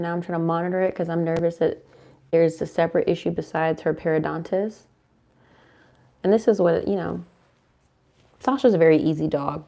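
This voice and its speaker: A woman's voice: on the low side, gravelly, mellow. A young woman tarot reader chatting casually to her viewers, sometimes breaking off to coo affectionately at her dog. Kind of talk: casual tarot reading chat to camera.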